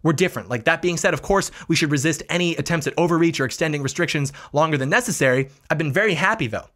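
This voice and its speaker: Fast-talking male political commentator. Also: fairly high pitch, a bit bright. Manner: combative, mocking asides. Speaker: political commentator, channel host.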